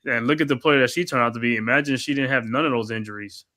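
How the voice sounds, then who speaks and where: Bright-voiced excitable male play-by-play host. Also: medium pitch. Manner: excitable, slangy, quick bursts of outrage at calls. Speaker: basketball watch-along host and play-by-play caller. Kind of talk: live play-by-play commentary mixed with casual chat.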